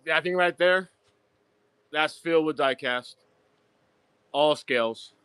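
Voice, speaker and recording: A man giving a casual live-stream tour of his diecast collection, excitable, swearing freely and repeating himself. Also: on the high side, a little slow, long pauses, clean tone, no echo. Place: home storage rooms and outdoors at night.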